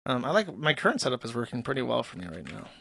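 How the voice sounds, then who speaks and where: A man's voice: mid-range voice, very animated, fast, creaky, fairly bright tone, slightly rough, no echo. Offhand male streamer, dry close sound. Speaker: streamer reading donations. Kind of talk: casual reading of paid messages with crude remarks.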